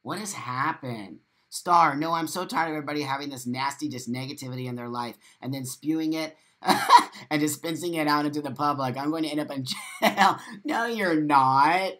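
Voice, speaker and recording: A man's voice: a little high, fairly quick. A man hosting a live morning stream, reading viewer comments aloud and reacting to them with emphatic, profane, repetitive talk. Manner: animated, with sudden loud exclamations. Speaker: host of a live morning show.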